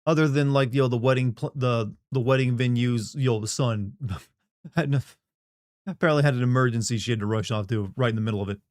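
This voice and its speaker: A man's voice: mid-range voice, quick pace, a little mellow, no room sound, studio quality. A young man live-streaming a game, rambling casually and joking with viewers, with a profane, self-mocking way of talking.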